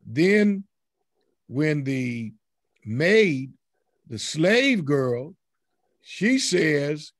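A man with a Southern US accent leads a Bible study. His voice sits on the higher side, and the sound is dry and close. He teaches in an animated way and acts out the voices in the passage. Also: very slow, long pauses, no room sound. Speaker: pastor leading Bible study.

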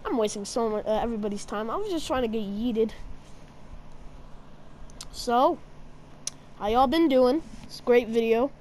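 A woman giving casual, jokey commentary while playing a game, yelping and shouting at the action. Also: a little high, normal speed, pauses often, slight background noise. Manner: excitable, yelps and shouts at the game; jokey, teasing asides to viewers. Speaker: gamer.

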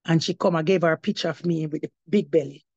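A woman's voice: deep voice, fairly even intonation, fast, darkish tone, slightly rough, no room sound, highs cut off. A woman giving her testimony as an apostle, preaching to a congregation and slipping between English and patois, rising to emphatic cries of praise.

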